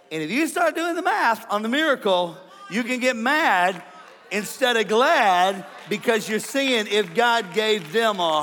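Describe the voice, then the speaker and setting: A middle-aged man preaching a comedic sermon, animated, joking and acting out the voices of his listeners. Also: high voice. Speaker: pastor. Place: large church hall. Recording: sermon in a reverberant church.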